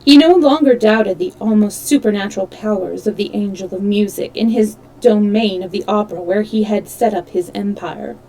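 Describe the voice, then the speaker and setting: A woman reading a classic novel aloud on a livestream, expressive, now and then stumbling and correcting herself. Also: medium pitch, moderate pace, hardly any pauses, a little hiss or hum, low-quality recording. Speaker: storyteller.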